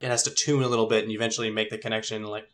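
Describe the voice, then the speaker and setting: A woman's voice: rumbling low, level tone, very fast. A woman narrating as game master in a loose, chatty way. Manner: loose, chatty, many fillers.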